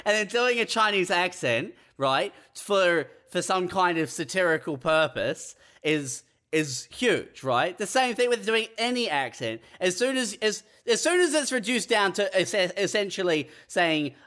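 A man's voice: high-pitched, lively intonation, unhurried, few pauses, pushed and bright. A man co-hosting a casual comedic chat, arguing his point with frequent swearing. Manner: argumentative, swearing, laughing.

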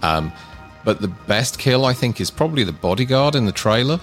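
A man co-hosting a casual film review chat, relaxed and hesitant with frequent ums. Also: mid-range voice, fairly quick. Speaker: podcast co-host. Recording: faint synth music behind.

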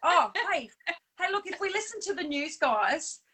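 A woman co-hosts a casual live chat in a high, bright voice. She is chatty and animated, with plenty of fillers and quick laughs. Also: low-quality recording. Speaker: co-host.

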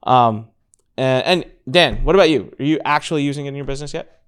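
A man hosting a casual business talk, telling stories with lively acted-out quotes. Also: a little fast, clean tone. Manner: animated storyteller, acts out quotes with big pitch jumps. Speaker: podcast host.

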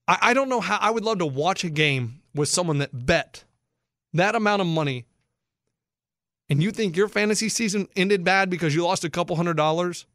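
A man hosting sports talk, animated and incredulous as he explains bets to listeners. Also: sits high, no echo, clean studio sound. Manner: excitable, incredulous, explains for non-bettors. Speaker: sports radio host.

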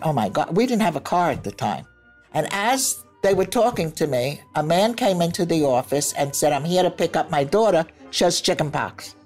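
A woman in her eighties, a grandmother co-hosting a casual chat, telling stories and acting out the voices of the people in them. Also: deep voice. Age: 80s. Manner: animated storyteller who acts out quoted voices and laughs often. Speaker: grandmother and co-host.

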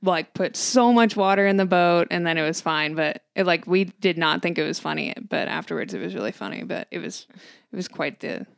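A woman's voice: lowish voice, a little fast, gravelly, no room sound. A young adult woman co-hosting a podcast, talking in laid-back casual chat with loose, filler-heavy phrasing and dry reactions. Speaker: podcast co-host.

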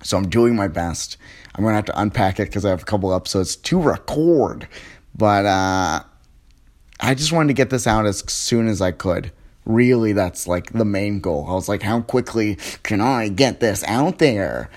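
A man's voice: fairly low pitch, lively intonation, normal speed. A man hosting a podcast, rambling casually and joking at himself through the intro and sponsor reads, recorded on a phone. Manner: rambling, self-mocking, lots of fillers. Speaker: podcast host.

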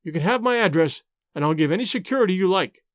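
A man plays an impatient young spy in a storybook reading. He sounds brusque and hurried, with a fairly high, lively voice. The recording is dry and close. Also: no room sound. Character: impatient young dark-haired male spy.

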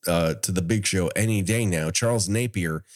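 A man's voice: sits low, normal speed. A man co-hosting a podcast, casually recapping a horror film with frequent laughs. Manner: animated, laughs often, plot-summarizing. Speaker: podcast co-host. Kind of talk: casual movie recap chat.

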